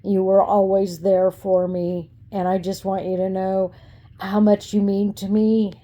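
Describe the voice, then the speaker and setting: Dark-toned, tender woman's greeting. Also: mid-range voice, flat delivery, measured pace. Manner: emotional, tender. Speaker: former coworker sending video greeting. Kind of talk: heartfelt personal video message.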